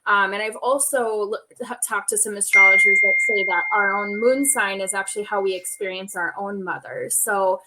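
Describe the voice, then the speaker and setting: A woman's voice: steady tone, moderate pace, hardly any pauses, heavy background noise. Chatty woman astrologer on a video call. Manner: chatty storyteller, acts out quotes with rising pitch. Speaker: astrologer, panel guest. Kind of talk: casual panel chat on video call.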